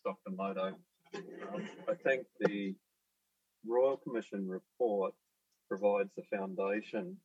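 A man who is a guest on a radio panel, speaking deliberately and carefully, with halting pauses. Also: lowish voice, no echo, recorded from a distance, highs cut off.

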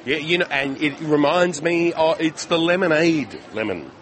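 A man hosting a casual chat at an outdoor market, jokey and quick with asides. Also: a little high, lively intonation, a bit bright.

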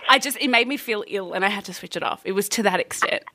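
A woman's voice: mid-range voice, fast, bright, forceful tone. A woman radio host in a casual chat, asking her guest questions in a conversational way.

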